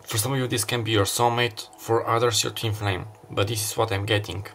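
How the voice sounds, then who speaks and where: Low-voiced man giving a rambling tarot reading. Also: steady tone, fairly quick, gravelly, a bit bright, faint music behind. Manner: meandering, thinking aloud with fillers. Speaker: tarot reader. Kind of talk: casual intuitive tarot reading.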